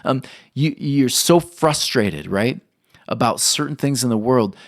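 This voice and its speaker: A man's voice: medium pitch, animated, unhurried, no echo, clean studio sound. A young adult man preaching a sermon, earnest, putting questions to his listeners. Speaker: pastor.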